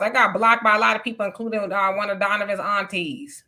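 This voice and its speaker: This woman's medium-pitched voice is bright and forceful, quick, with fairly even intonation. Running a casual live-stream chat, she reads viewers' comments aloud and answers them candidly, conversationally, with asides.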